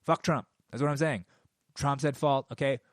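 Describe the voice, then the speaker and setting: A man's voice: medium pitch, steady tone, moderate pace, dry recording, clean studio sound. A man in his forties ranting casually and heatedly into a microphone, swearing constantly. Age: 40s. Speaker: podcast host. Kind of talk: casual rant. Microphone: studio microphone.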